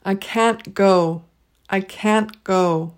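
A woman leading a pronunciation drill, saying each word twice, clearly and slowly. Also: mid-range voice. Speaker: pronunciation teacher. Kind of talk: slow, deliberate pronunciation drill.

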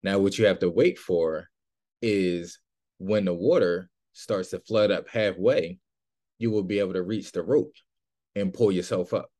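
A man with a low voice tells a story on his podcast in an easygoing monologue. He slips into the quoted lines of his characters as he goes. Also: unhurried, warm tone. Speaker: podcast host.

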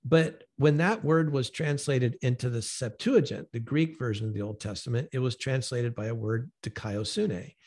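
A man hosting a podcast who explains his points in a measured, gently emphatic way. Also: medium pitch. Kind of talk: conversational teaching.

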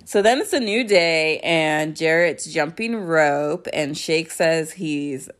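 A young woman hosts a casual podcast recap, talking slowly in a low voice. She is sarcastic and laughs often as she goes. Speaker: podcast host recapping a reality show.

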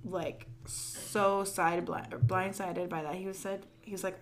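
A young adult woman co-hosting a casual podcast, recapping with quick acted-out quotes and frequent laughter. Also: on the low side, little pitch movement, a little hiss or hum. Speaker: podcast co-host. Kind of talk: casual chat.

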